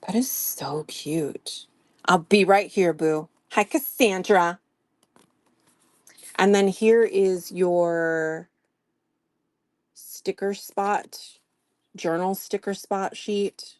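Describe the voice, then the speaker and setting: A woman talks slowly and warmly to her live-stream viewers, greeting them by name and gushing softly. Her voice sits a little low. The sound is dry and close, with no room around it. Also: fairly even intonation, no echo. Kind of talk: casual live-stream product showing.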